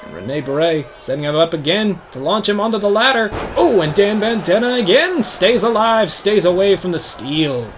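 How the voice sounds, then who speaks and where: A young man hosting a video game show, giving mock wrestling play-by-play in a hyped announcer voice that climbs to shouts on big moves. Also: sits high, lively intonation, normal speed, few pauses, slight background noise. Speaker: host.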